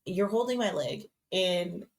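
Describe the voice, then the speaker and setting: A woman's voice: fairly low pitch, lively intonation, a little slow, a crowd in the background. A woman guest on a podcast, telling a personal story in a chatty way with lots of fillers and restarts. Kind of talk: casual podcast conversation.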